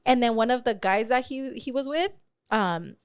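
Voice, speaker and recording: Lively young woman podcast co-host. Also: fairly high pitch, moderate pace, clean tone, dry recording, studio quality. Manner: animated storytelling with frequent swearing and slang. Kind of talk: casual chat.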